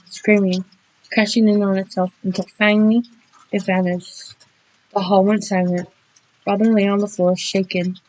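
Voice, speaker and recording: A woman narrating a horror story dramatically, speeding through action and slowing for suspense. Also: mid-range voice, a little mellow, rough recording.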